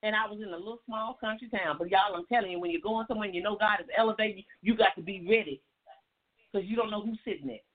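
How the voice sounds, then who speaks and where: Husky woman preaching over a tinny line. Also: medium pitch, quick pace. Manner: preachy, folksy, repeats words for emphasis. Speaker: life coach. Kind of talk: animated testimony talk. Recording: tinny phone-like sound, faint music.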